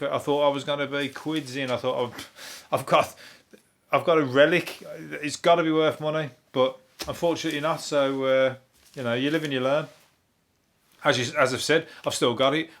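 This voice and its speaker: Swearing, rambling English comedian. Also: male voice, on the high side, fairly bright tone. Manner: rambling, swears freely, chuckles often. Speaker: comedian podcast host. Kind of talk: casual comedic chat.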